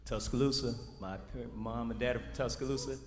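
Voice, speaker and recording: A man telling his family's history as a church guest, relaxed and easy. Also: mid-range voice, fairly quick. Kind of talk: personal testimony. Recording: live in a reverberant hall with faint noise.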